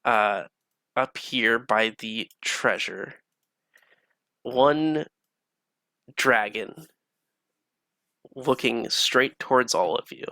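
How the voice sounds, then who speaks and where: Gravelly bright-voiced male game master. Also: on the low side, takes it slowly, pauses often, no room sound. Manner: relaxed, casual descriptions with many fillers. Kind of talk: narrating a tabletop game.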